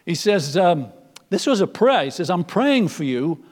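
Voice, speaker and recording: A man preaching a sermon, moving from loud emphatic lines to soft, almost whispered ones. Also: high voice, big pitch swings, measured pace, in a large hall.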